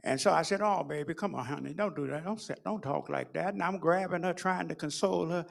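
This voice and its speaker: A middle-aged man giving a sermon in a preaching cadence, moving from hushed storytelling to shouted peaks. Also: on the high side, fairly quick, creaky. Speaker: pastor.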